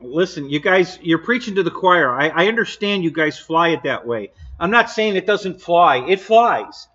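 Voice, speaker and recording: A man hosts a casual live stream, answering his viewers bluntly and laughing often. His voice sits a little high and sounds bright and sharp. The stream audio is somewhat dull and lo-fi. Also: lively intonation, moderate pace.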